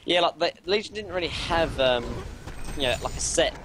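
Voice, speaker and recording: Hoarse young man rambling through esports analysis. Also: a little high, lively intonation, moderate pace, fairly bright tone, a little hiss or hum. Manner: rambling analysis full of fillers like "um" and "like". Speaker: color commentator. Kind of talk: live game analysis.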